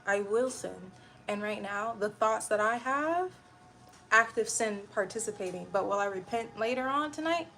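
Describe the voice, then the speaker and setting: A woman's voice: fairly high pitch, lively intonation, moderate pace, sharp tone, slight background noise. A young woman livestreaming and chatting casually with her viewers, blunt and irritable and rambling from one thought to the next.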